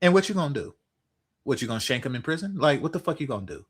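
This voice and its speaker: A man's voice: fairly high pitch, sing-song, very fast, slightly rough. A man giving heated, profane commentary, repeating himself and swearing as he rants.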